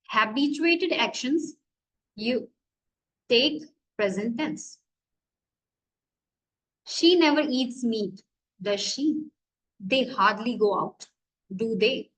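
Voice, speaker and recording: A woman's voice: fairly high pitch, fairly bright tone, rough recording. A woman college lecturer with an Indian English accent, teaching grammar and asking and answering her own questions.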